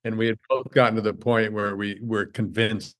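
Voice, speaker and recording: A man as a podcast guest in casual chat, halting and self-deprecating, often repeating words as he talks. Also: on the low side, fairly even intonation.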